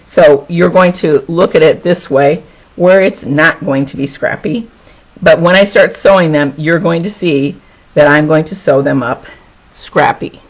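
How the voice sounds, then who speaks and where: A woman's voice: sits low, measured pace. A woman teaching a quilting lesson, talking through each step as she works and repeating words for emphasis. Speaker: quilting instructor. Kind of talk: hands-on sewing demonstration. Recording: dull lo-fi recording.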